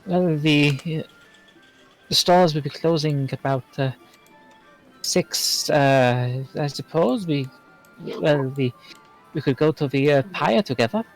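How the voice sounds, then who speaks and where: A man's voice: on the high side, faint music behind, low-quality recording. A man voicing a shy, flustered young female kobold who stammers politely and hesitates often. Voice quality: stammering, halting. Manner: timid and polite, full of hesitant fillers.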